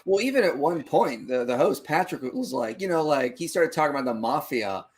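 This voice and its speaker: A man's voice: fairly high pitch, lively intonation, brisk, husky. A man co-hosting a live discussion, speaking with passion and indignation. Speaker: live show co-host. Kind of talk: heated casual discussion.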